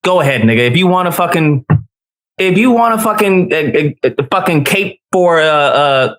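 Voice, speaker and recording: A man's voice sits high and leaps all over the place as he rants. He curses constantly and sneers at the person he is arguing with, building a heated tirade of contempt. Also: lively intonation, moderate pace. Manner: loud, mocking, cursing constantly. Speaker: online commentator. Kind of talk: profane heated rant.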